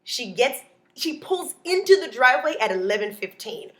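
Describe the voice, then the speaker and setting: A woman comedian telling a comic story in an animated, punchy way, often adding "okay?". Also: on the high side, moderate pace.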